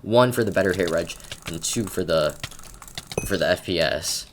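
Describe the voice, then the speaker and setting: A man's voice: low voice, moderate pace, slight background noise. A man from Canada giving casual gameplay commentary at his computer, rambling and stammering with lots of repeated words and self-mocking asides. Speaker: gaming commentator.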